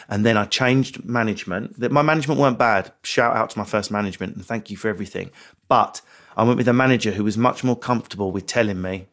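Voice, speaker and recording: A middle-aged man, a comedian guest, telling candid stories in an animated, quick, self-mocking way. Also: on the low side. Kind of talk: candid interview storytelling. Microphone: remote interview mic.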